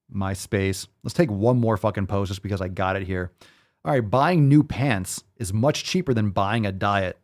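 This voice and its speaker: A man hosting a podcast, giving profane, sarcastic commentary as he reads posts and articles aloud. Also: on the low side. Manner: sarcastic, mocking, emphatic. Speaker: podcast host.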